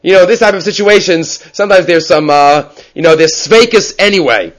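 A man teaching a Talmud class, reading Hebrew and Aramaic passages aloud and explaining them in English with animated storytelling. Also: high voice, moderate pace, low-quality recording. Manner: animated storyteller, many restarts.

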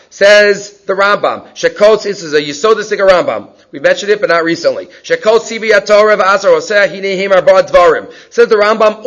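A man's voice: high-pitched, a bit bright. A man giving a lesson on Jewish law, reading Hebrew passages aloud and explaining them in English with emphasis. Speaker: Torah teacher. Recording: dull lo-fi recording.

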